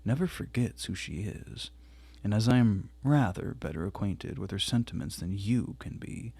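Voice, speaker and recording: A man reading aloud voices a proud, dismissive young woman who answers with indignant emphasis, in a gravelly, husky voice. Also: fairly low pitch, animated, moderate pace, warm tone, no room sound, exaggerated voice. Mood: haughty.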